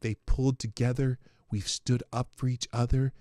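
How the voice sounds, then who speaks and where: A man doing an impression of a male prime minister giving an earnest farewell speech, slow and emphatic. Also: mid-range voice, flat delivery, warm tone, dry recording, lightly acted. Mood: solemn. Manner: slow, solemn, emphatic delivery.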